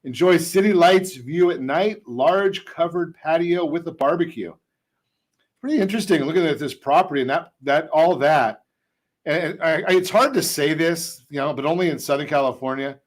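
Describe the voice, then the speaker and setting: Male talk radio host, a bit high-pitched, chatty, trips over words, throws in dry jokes. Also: normal speed. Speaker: radio host and mortgage expert. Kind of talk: casual radio talk show.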